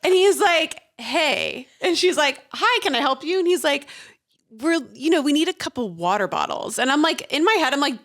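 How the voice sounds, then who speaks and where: A woman's voice: high voice, fairly quick. A woman in her thirties co-hosting a podcast, telling stories in casual chat and acting out the people she quotes. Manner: animated storyteller, acts out quotes. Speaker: podcast co-host.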